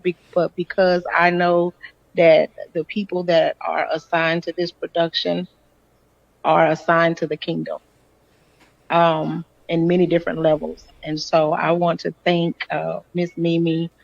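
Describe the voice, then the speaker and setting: A tired, hoarse woman calling in to thank the cast, apologetic and laughing easily. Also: on the low side, no echo. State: hoarse and exhausted. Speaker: director and preacher. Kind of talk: casual call-in greeting. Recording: dry, muffled phone-call audio.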